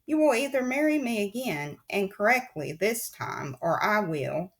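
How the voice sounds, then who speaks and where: A woman's voice: medium pitch, very animated, measured pace. A woman voicing a scheming, menacing male count who talks grimly and insists on his way, in an audiobook reading. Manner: grim, insistent, roaring. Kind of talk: audiobook character voice.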